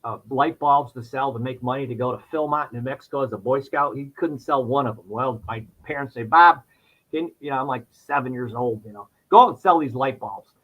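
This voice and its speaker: Animated man telling a story, lo-fi sound. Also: brisk, hardly any pauses. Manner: animated storyteller, voice jumps high when acting out his past self. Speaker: podcast guest. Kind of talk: storytelling in casual chat.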